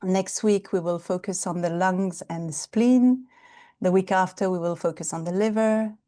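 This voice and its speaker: A woman teaching an online qigong class over a video call, explaining things gently and calmly with some hesitant fillers. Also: on the low side, normal speed. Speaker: Chinese medicine therapist and qigong instructor.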